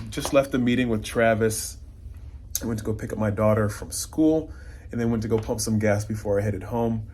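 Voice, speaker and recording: Pastor guy chatting to his prayer team, lowish voice, lots of ums and likes. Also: a little mellow. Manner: conversational, many fillers and restarts. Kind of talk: casual video update to a prayer team.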